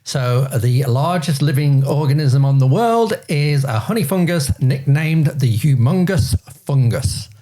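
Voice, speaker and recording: A man's voice: medium pitch, lively intonation, unhurried, hardly any pauses, warm tone. A man hosting a casual panel chat, reading out facts and figures in an upbeat presenter's way. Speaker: quiz show host.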